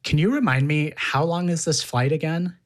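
A woman's voice: low voice, moderate pace. A woman interviewing a guest in conversation, probing with pointed follow-up questions.

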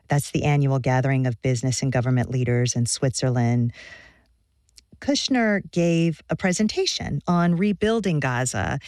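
A woman hosting a radio interview, asking measured questions and giving brief context. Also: deep voice, darkish tone, no room sound, clean studio sound.

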